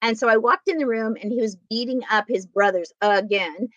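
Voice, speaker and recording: A middle-aged woman speaks fairly quickly in a fairly high voice, appearing as a guest in an interview built around personal stories. She's animated and acts out the dialogue within her tales. The recording is dull and dry, with no echo.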